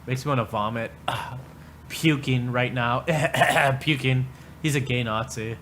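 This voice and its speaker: A man's voice: medium pitch, slow, fairly bright tone, a little hiss or hum. A man ranting crudely on a livestream, rambling and mocking, often laughing. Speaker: streamer.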